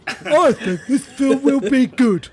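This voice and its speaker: A man putting on a stupid voice for a dim-witted moviegoer, slow and goofy. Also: expressive, darkish tone, exaggerated voice. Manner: slow, goofy, high-pitched put-on voice.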